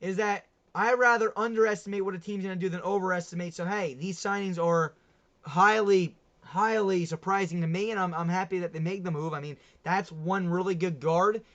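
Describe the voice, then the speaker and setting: On dull, lo-fi stream audio, a young man runs a laid-back sports talk livestream in a high, steady, slightly bright voice. He speaks a little fast with hardly any pauses, chatting and rambling and frequently laughing at himself.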